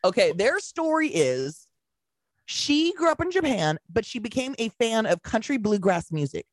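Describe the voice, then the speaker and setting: Animated woman telling stories, lively pitch. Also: normal speed, dry recording, clean studio sound. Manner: animated storytelling, acts out quotes, swears freely. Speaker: podcast co-host. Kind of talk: casual chat.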